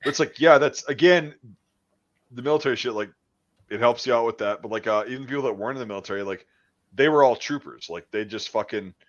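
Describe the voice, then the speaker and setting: A man casually chatting as a podcast host, swearing often and trailing off into quiet mumbles. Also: mid-range voice, quick pace, dull audio. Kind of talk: casual chat.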